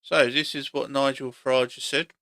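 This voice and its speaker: A man's voice: mid-range voice, flat delivery, normal speed, creaky, sharp tone, no echo. A man giving a blunt, opinionated monologue for his vlog, hammering the same points over and over. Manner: blunt, argumentative, repeats points. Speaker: opinion vlogger.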